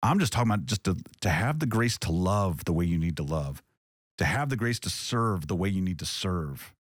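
A very deep-voiced man hosting a casual faith podcast. He talks earnestly and reflectively and often circles back to restart a thought. The sound is dry and close, with no room around it. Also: lively intonation, normal speed, no echo. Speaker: podcast host.

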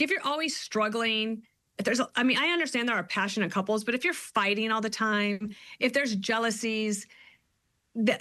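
A woman guest author chats in a casual interview with a bright, clear tone. She tells stories in an animated way and slips into playful quoted voices. Her voice sounds close and dry. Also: mid-range voice, dry recording.

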